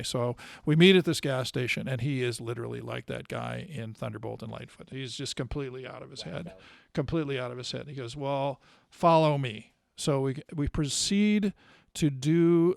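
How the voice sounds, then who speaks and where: Gravelly man telling car stories. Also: mid-range voice, dry recording, clean studio sound. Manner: rambling storyteller, many fillers and restarts. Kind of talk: casual storytelling chat.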